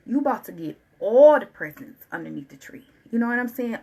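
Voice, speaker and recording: A woman giving a channeled tarot reading, talking in an animated, colloquial way and repeating phrases in a preaching rhythm. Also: fairly high pitch, fairly quick, hardly any pauses, rough recording. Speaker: tarot reader.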